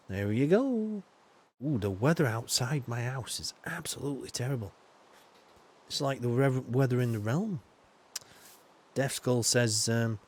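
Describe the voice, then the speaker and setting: A man's voice: medium pitch, animated, normal speed, darkish tone. A man streaming a game live, chatting loosely with viewers, greeting them by name and filling his talk with ums and you-knows. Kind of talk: live gameplay commentary.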